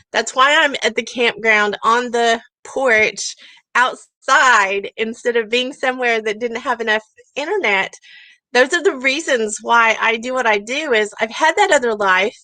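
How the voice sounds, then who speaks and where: A woman's voice: a little high, bright, forceful tone, no echo, low-quality recording. A middle-aged woman telling her story with earnest emphasis, speaking outdoors from a campground porch. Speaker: summit speaker. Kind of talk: passionate personal storytelling talk.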